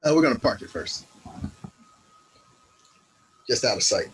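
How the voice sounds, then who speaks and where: A man's voice: mid-range voice, lively intonation, measured pace, poor audio. A man playing a tabletop game, talking in a casual, easygoing way. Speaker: player.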